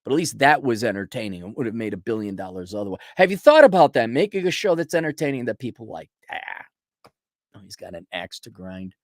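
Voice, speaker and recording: Casting: sarcastic male live-stream host, scornful rant, swings pitch a lot, dry close sound. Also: big pitch swings, fast talker, no echo. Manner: sarcastic, scornful, restarts often. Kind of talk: casual ranting commentary.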